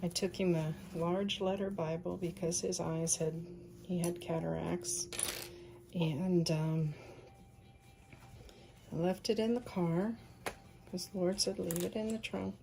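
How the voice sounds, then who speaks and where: A woman in her fifties telling a personal faith testimony, soft-spoken and often sinking into a breathy whisper. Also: fairly low pitch, steady tone, slow pace, pauses often. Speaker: speaker sharing a faith testimony.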